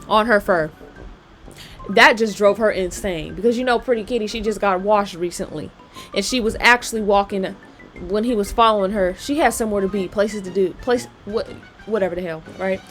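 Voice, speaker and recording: A woman nail technician chatting casually while working, slangy and checking in with her viewers. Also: mid-range voice. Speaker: nail technician and channel host. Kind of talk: casual chat while doing nails.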